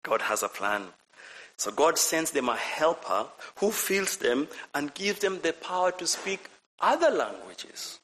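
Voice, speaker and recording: A man preaching a lively sermon, asking the congregation questions and repeating his phrases. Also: fairly high pitch, a little slow, poor audio. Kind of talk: lively sermon with audience participation.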